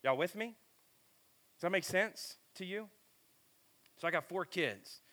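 A middle-aged man preaching a sermon in a casual, animated, self-deprecating storytelling way. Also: sits high, measured pace. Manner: animated, self-deprecating, lots of filler and repeats.

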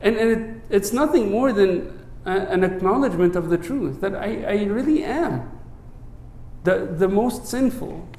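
Preaching earnestly, this priest keeps tossing in rhetorical "right?" checks and softens to a low murmur for a recited prayer. His intonation is lively, his pace unhurried, and the space around him echoes.

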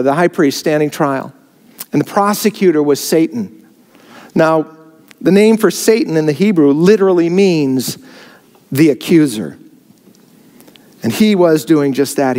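A man's voice: fairly high pitch, a little mellow. A man preaching a sermon, filmed on camera, rising in emphasis on key phrases. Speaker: pastor. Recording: long hall reverb.

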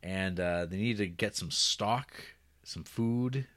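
A man's voice: lowish voice, takes it slowly, fairly bright tone. A man co-hosting a casual comedic movie recap, laughing often and slipping into mock folksy voices. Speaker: podcast co-host.

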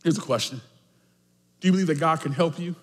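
Preaching at a quick pace, a high-voiced pastor alternates between shouted, emphatic lines and quiet asides. His sermon echoes around a reverberant church hall.

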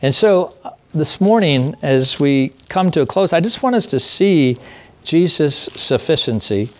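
A man's voice: on the high side, lively intonation, a little slow, muffled recording. A middle-aged man, a pastor, preaching a sermon in an earnest, conversational way with rhetorical questions.

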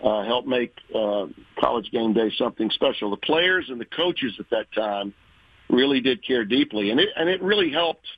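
A man from Louisiana, a veteran sports broadcaster, telling stories from his career in a folksy, animated interview manner. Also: medium pitch, moderate pace, slightly rough, no echo, muffled recording. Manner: folksy, animated storyteller, acts out quoted voices. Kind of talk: conversational interview storytelling.

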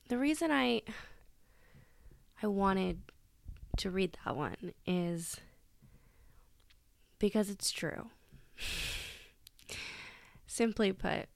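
A woman's voice: medium pitch, creaky, no room sound. A woman hosting her own solo podcast, chatting casually and laughing at herself as she reads quotes aloud. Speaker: podcast host.

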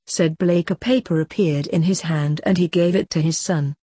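A woman narrating a story in a brisk, matter-of-fact reading style. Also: fairly low pitch, steady tone, mellow, husky, no room sound, clean studio sound.

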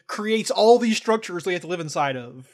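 Young guy from georgia, kinda high voice, ranting and swearing a lot, casual chat. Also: lively intonation, moderate pace. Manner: ranting, profane, earnest.

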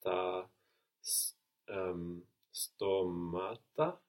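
A man's voice: deep voice, extremely slow, a little mellow. A man taking a language lesson, answering his teacher's prompts tentatively. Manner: tentative, answers after brief hesitation. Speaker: language student.

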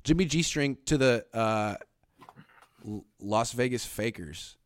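A man's voice: mid-range voice, slow pace. A man hosting a casual sports talk show, blunt and sarcastic, reading viewer comments aloud. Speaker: podcast host.

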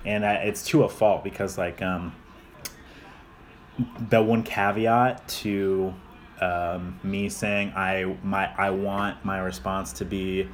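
This young co-host of a casual podcast chat speaks in an unhurried, lowish voice with fairly even intonation. He rambles in long stretches, repeats and restarts often, and pokes fun at himself, over slight background noise.

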